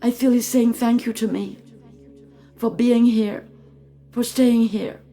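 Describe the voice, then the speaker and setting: A spiritual channeler voicing a grieving widowed mother, speaking high and tearful with a rush of feeling. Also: steady tone, takes it slowly, dark tone, faint music behind. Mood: tearful gratitude.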